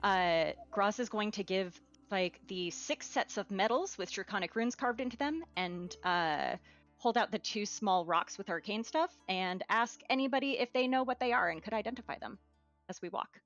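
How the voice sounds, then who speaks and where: A woman's voice: medium pitch, normal speed, a bit bright, muffled recording, soft background music. A woman playing in a tabletop role-playing game over voice chat, describing what her character does. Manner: describes her character's actions in third person. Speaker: player.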